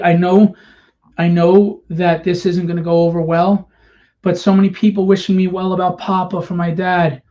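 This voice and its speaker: A man's voice: high-pitched, level tone, moderate pace, darkish tone. A man ranting to camera, bitter and confrontational, firing rhetorical questions at his audience. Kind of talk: impassioned rant to camera. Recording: dull lo-fi sound.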